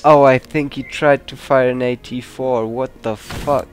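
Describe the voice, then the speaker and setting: A man whose first language is not English, hosting a gameplay video with excitable, swear-filled commentary. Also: mid-range voice, a little slow. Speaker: let's play host. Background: game music and gunfire.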